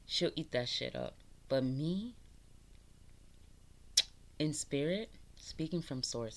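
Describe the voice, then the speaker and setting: A woman with a low voice gives a casual spiritual pep talk to her viewers. She swears constantly, laughs a lot and preaches self-worth in a loose, streetwise way. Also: slow, long pauses. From New York, the Bronx. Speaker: spiritual vlogger.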